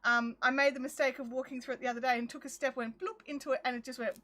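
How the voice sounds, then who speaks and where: Bright-voiced woman, chatty storyteller. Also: high voice, fast. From Australia. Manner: chatty and animated, acts out her own quotes. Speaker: crafting livestream host. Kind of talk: casual chat, storytelling. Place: backyard craft shed. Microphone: phone.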